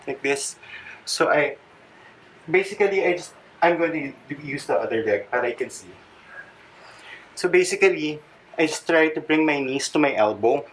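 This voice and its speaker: Panting Filipino man demonstrating yoga. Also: a little high. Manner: chatty, switches into Tagalog, jokey asides. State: out of breath. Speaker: fitness vlogger. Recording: distant mic with faint background noise.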